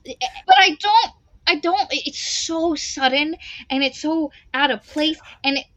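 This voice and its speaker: A woman co-hosting a book club podcast, talking casually in an animated, giggly way and acting out quotes. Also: high-pitched, takes it slowly, no room sound, highs cut off.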